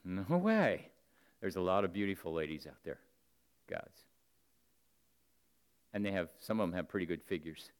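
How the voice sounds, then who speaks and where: A man preaching a sermon to the men in his congregation, earnest and direct, swinging between loud emphatic bursts and low, close asides.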